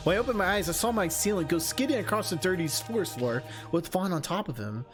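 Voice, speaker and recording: A streamer reads a game's narration aloud with a lively, bouncing voice. They break into laughs and chatty side comments between passages. Faint game music plays underneath. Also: mid-range voice, fast. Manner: laughs often, chatty asides. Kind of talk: reading narration with live commentary.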